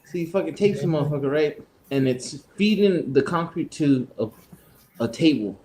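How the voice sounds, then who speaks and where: Animated, profane man telling a work story. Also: normal speed, slight background noise, low-quality recording. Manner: animated, acts out others in raised pitch. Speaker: podcast co-host.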